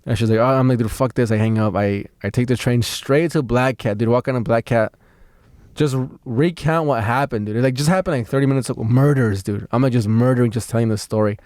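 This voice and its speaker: Speaking fast in a mid-range voice, a man tells a story on a podcast he co-hosts. He is also a stand-up comic. The dry, clean studio recording catches him swearing liberally and performing the voices of the people he describes in a lively, casual chat.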